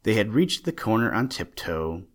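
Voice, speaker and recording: A man narrating an audiobook in a steady, plain storytelling manner. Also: on the low side, moderate pace.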